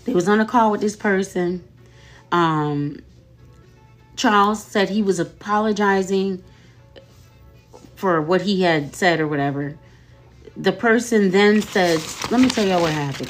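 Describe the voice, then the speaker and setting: Woman with a lowish voice gossiping about online drama, says okay a lot, laid back. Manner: chatty, laughing, repeats "okay?" and "y'all". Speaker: commentary host. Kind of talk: casual commentary on social media drama.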